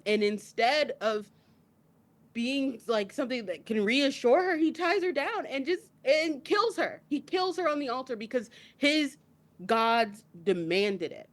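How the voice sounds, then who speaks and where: A woman's voice: high-pitched, animated, measured pace. Young woman podcast co-host, teary, intense casual chat. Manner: emotional, builds to tearful outbursts. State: crying.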